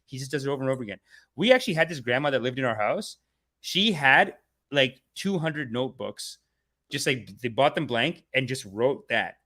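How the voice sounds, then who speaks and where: A man's voice: mid-range voice, normal speed. A man hosting a comedy talk stream, ranting casually, swearing, and slipping into voices. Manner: animated, swears, acts out voices. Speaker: comedian host.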